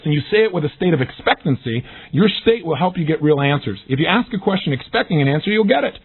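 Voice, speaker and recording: A man giving an energetic recorded self-help lesson, acting out the questions he describes in lively voices. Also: a little high, fast, husky. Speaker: motivational speaker. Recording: tinny phone-like audio.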